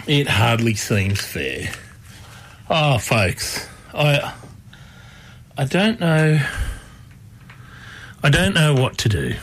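A man's voice: medium pitch, very animated, slow, pauses often, fairly bright tone. A man hosting a radio show, chatting casually and rambling with plenty of fillers and restarts.

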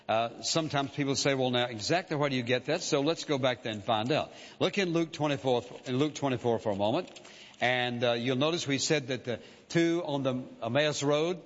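A man preaching a sermon with emphasis, repeating key phrases and slowing down for quoted verses. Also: fairly high pitch. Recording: dull lo-fi audio with long reverb.

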